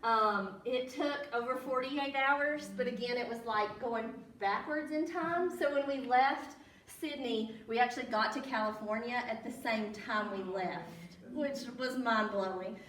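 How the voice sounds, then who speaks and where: A woman's voice: a little high, unhurried, fairly bright tone, a little hiss or hum. A woman with a Southern American accent telling stories to a library audience in a chatty way, laughing often and quizzing her listeners. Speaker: library guest speaker. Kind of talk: casual storytelling talk to an audience. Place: public library meeting room. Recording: roomy, from a distant mic.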